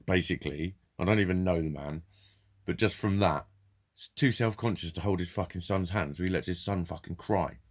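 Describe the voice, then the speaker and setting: Low-voiced man ranting freely. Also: fairly quick. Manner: rambling, heavy swearing, blunt. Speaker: vlogger. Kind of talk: casual vlog monologue.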